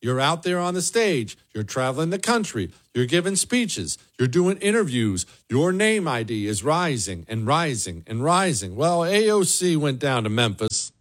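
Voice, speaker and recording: A man's voice: on the high side, sing-song, moderate pace, few pauses. A man hosting a political commentary show, delivering a sarcastic, emphatic solo monologue with a lot of repetition. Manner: sarcastic, emphatic, repeats for effect.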